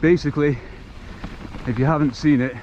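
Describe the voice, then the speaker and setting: A man's voice: a little high, steady tone, moderate pace, a little mellow. A middle-aged man vlogging casually as he rides a mountain bike trail outdoors, chatty and self-mocking. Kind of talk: casual talk while riding. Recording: dull lo-fi sound, faint outdoor noise.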